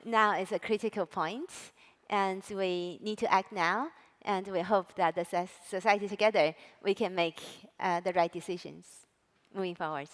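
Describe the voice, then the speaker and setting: A woman moderates a panel in a polite, somewhat halting way, with frequent "uh" and "um". Her voice sits in a middle register. A long hall reverb follows her words. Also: mid-range voice, steady tone. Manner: hesitant, polite, with fillers. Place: large conference hall.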